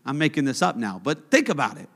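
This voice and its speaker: In a church sanctuary with long hall reverb, a man preaches a sermon in a mid-range, very animated voice at a quick pace. He is conversational and joking at times, then builds to emphatic points.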